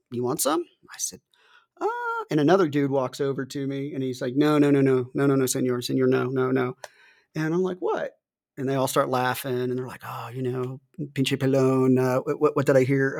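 A middle-aged man co-hosting a casual chat, telling loose, profanity-heavy stories and laughing through them. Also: medium pitch. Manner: loose storytelling, swears often, laughs through his stories. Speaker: podcast co-host.

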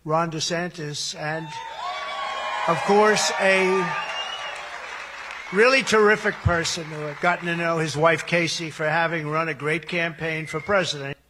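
A man's voice: fairly high pitch, fairly even intonation, unhurried, crowd noise, noisy background. A male politician giving a rally speech, full of boastful praise.

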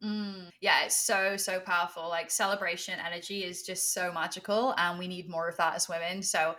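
Woman podcast host, bright tense voice, super enthusiastic and gushy. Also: lowish voice, steady tone, moderate pace. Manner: effusive, enthusiastic. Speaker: podcast host, sex coach. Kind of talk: casual podcast chat.

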